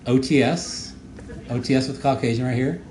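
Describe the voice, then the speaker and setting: A man who made the show gives casual audio commentary, rambling and halting with many fillers and repeated words. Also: medium pitch, darkish tone. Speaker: show creator giving commentary. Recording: echoey room with faint noise.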